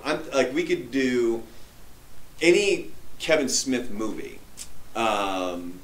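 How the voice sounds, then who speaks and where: A man's voice: medium pitch, takes it slowly. Joking male radio host, roomy studio. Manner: animated, joking, trailing restarts. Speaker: radio show host and voice performer. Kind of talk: casual chat.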